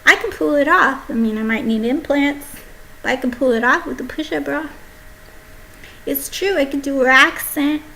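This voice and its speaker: A young woman delivering a rambling, brash comedy monologue, swinging between loud outbursts and hushed asides. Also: high voice, moderate pace, gravelly, pauses often, low-quality recording. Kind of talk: stand-up monologue.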